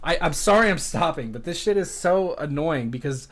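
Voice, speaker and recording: A man with a somewhat high and very lively voice gives casual commentary. He sounds exasperated and incredulous, and he curses as he vents. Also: normal speed. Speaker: commentator in played clip.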